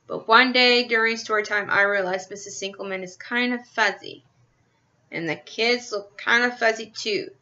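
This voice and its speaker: Bright, expressive woman reading a children's book aloud. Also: on the high side, normal speed, dull audio. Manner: expressive first-person storytelling. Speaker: reader. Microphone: built-in computer webcam mic.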